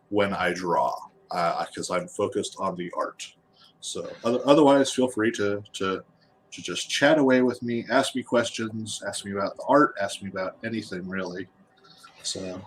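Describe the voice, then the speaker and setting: A man with a lowish voice chats casually as he works on a drawing. He talks in a halting way, often repeating words before he finishes a thought, and a faint hiss sits under his voice. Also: fairly bright tone. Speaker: RPG artist guest. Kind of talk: casual chat while drawing.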